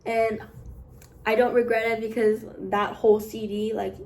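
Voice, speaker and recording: Chatty young woman, slightly high voice. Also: level tone, moderate pace, a little hiss or hum. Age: young adult. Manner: chatty, rambling, many fillers, drops to soft asides. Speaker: vlogger, art student. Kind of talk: casual chat.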